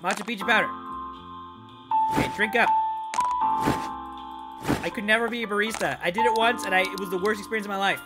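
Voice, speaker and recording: A woman hosting a horror game let's play, talking loudly and excitably, swearing and laughing as she plays. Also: mid-range voice, fairly quick, long pauses. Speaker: gaming video host. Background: game music.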